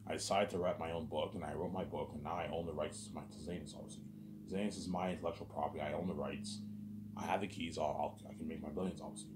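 A man's voice: very deep voice, fairly even intonation, fast talker, very noisy. A man delivering a rambling, agitated vlog monologue, repeating "obviously" and "man" and swearing often. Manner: repetitive, peppers speech with "obviously" and "man". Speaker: vlogger.

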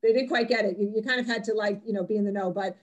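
A woman's voice: medium pitch, steady tone, rapid-fire. A woman presenting on a video call, talking in a loose, chatty way full of fillers and restarts. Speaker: presenter on Israeli music. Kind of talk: casual online talk.

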